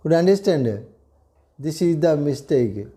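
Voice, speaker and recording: Older odia-accented teacher guy, high but mellow voice, keeps asking if you got it. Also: expressive, a little slow. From India. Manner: repeats key phrases, checks understanding, mixes English with Odia and Hindi. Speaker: retired headmaster teaching grammar. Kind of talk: classroom grammar lecture.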